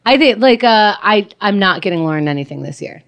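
A woman's voice: medium pitch, animated, brisk, fairly bright tone. A woman guest on a casual podcast, talking hesitantly with many restarts and trailing sentences. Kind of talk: casual chat.

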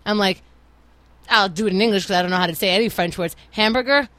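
A woman's voice: mid-range voice, fast talker, bright, forceful tone, no room sound. A woman co-hosting a casual podcast, telling stories animatedly and acting out exasperated dialogue. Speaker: podcast co-host. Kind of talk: casual chat, animated storytelling.

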